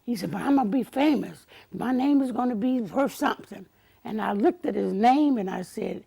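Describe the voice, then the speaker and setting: An older woman guest in an interview, telling stories in an animated way, acting out quotes and laughing often. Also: fairly high pitch, normal speed, creaky, breathy edge. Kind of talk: storytelling interview.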